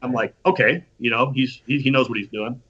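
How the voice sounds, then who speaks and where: Husky man telling a lively story. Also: medium pitch, a little fast. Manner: animated storytelling with profanity and acted-out quotes. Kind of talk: casual anecdote. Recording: dull lo-fi recording.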